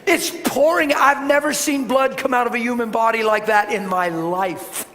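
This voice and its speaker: A middle-aged man preaching a sermon and telling a personal story, swinging between loud bursts and hushed, gentle tones. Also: extremely high pitch, moderate pace. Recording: reverberant hall with faint background hiss.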